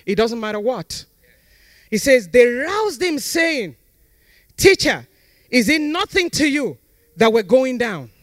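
A man's voice: very high-pitched, big pitch swings, slow pace, pauses often, a bit bright, dry recording, studio quality. A man pastor preaching a sermon and leading the congregation in fervent call-and-response prayer declarations.

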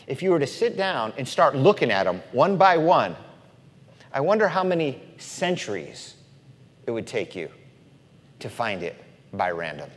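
Man preaching, emphatic and lively, pitch swings wide, long hall reverb. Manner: animated, emphatic Bible teaching. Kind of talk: sermon.

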